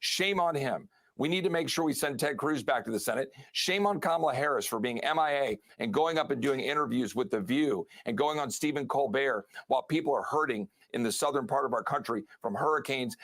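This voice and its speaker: A man, a congressman, speaking in a televised interview with forceful campaign rhetoric. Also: mid-range voice, animated, a little fast, hardly any pauses, no echo.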